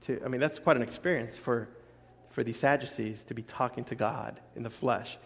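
Animated male pastor in an echoing hall. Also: mid-range voice, moderate pace, gravelly. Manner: animated, acts out voices and laughs often. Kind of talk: sermon. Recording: long echo of a large hall.

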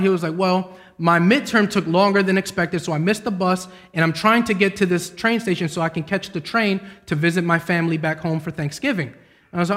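Young male preacher, high voice, lively storytelling sermon, long hall reverb. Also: a little fast. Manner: storytelling preacher, voice climbs high when excited. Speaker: pastor.

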